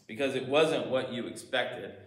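Animated male preacher in an echoey room. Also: mid-range voice, moderate pace. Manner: animated, shifts between loud emphasis and quiet asides. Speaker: pastor. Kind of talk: sermon.

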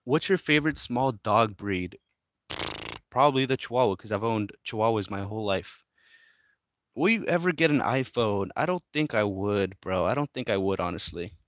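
A man hosting a casual livestream, reading viewer questions aloud and chatting in a relaxed, mumbly way to his pets. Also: lowish voice, normal speed, dry recording. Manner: laid-back, mumbly, talks to his pets. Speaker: livestream host reading chat. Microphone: phone.

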